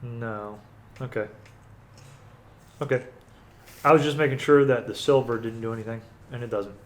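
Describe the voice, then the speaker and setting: A man's voice: medium pitch, steady tone, normal speed. Self-correcting male game master. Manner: counts dice aloud, corrects himself mid-sentence. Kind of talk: running a tabletop game.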